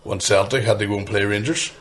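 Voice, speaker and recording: A man's voice: lowish voice, fast talker, fairly bright tone. A man chatting and swearing casually about football in a podcast. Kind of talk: casual banter.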